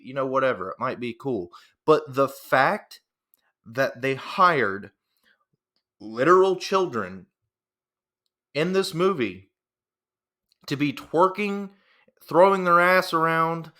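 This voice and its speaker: A man's voice: medium pitch, bright, forceful tone. A man delivering an angry, profane reaction rant, repeating himself as he works himself up. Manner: heated, profane and repetitive. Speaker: reaction commentator.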